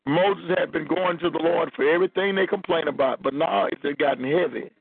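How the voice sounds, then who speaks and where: Gravelly preacher on a phone line. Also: male voice, fairly high pitch, brisk, dry recording. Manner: preaching, reading scripture aloud. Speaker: minister.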